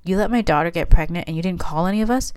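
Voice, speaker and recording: A woman's voice: fairly low pitch, rapid-fire, a little mellow, smooth, no room sound, close to an everyday voice. A woman reading the lines of a demanding older mother.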